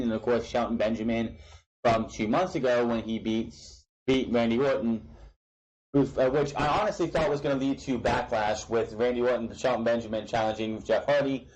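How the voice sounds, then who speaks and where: A young man giving a blunt, opinionated wrestling recap in casual talk. His voice sits at an ordinary mid pitch, and he often restarts sentences and swears offhandedly while he rants. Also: steady tone, normal speed, a little mellow, muffled recording. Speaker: wrestling show reviewer.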